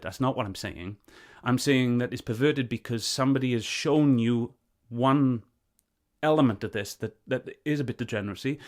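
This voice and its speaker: A man reviewing a video clip, arguing back at it in an earnest, heated way. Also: medium pitch. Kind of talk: reaction commentary on a clip.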